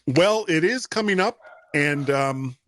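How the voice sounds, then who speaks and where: A man's voice: on the high side, slow, no echo. A man hosting a podcast in casual chat, loose and rambling as he explains. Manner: relaxed, rambling with restarts. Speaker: podcast host.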